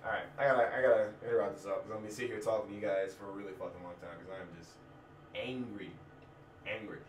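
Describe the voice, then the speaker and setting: A frustrated man rants straight to his viewers, swearing freely and restarting his sentences. His voice sits a little low. He sounds set back from the mic in a roomy, echoing space. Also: steady tone, quick pace, noisy background. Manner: frustrated, profane, rambling with restarts. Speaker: musician venting to viewers. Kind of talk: casual rant to camera. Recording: echoey room, distant from mic.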